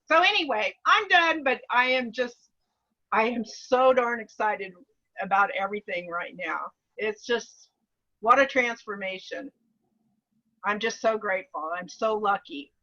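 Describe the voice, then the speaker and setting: A woman's voice: medium pitch, expressive, moderate pace, bright, forceful tone, dull audio. A woman sharing her story eagerly on a group video call, rambling with restarts and laughing often. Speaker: course participant.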